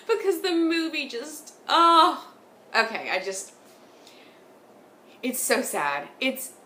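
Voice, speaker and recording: A woman's voice: medium pitch, pushed and bright, echoey room, slight background noise. A woman in her thirties hosting a knitting podcast, chatting casually and rambling, laughing often. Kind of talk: casual chat. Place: home sitting room.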